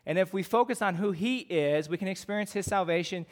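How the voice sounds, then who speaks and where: A man's voice: sits high, brisk. A man with a Midwestern American accent preaching a sermon in a conversational way, often using fillers and asking rhetorical questions. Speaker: pastor.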